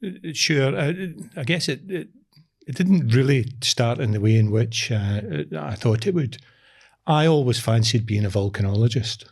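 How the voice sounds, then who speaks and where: A man's voice: medium pitch, lively intonation, moderate pace, darkish tone, slightly rough. A middle-aged Glaswegian man speaking as a guest in a casual interview, hesitating and restarting his sentences. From Scotland. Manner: hesitant restarts with many uh fillers. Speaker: guest, construction commercial director.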